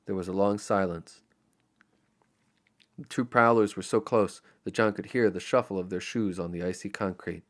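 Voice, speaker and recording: A man narrating an audiobook in an expressive, storytelling manner. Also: sits low, normal speed. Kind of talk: scripted narration.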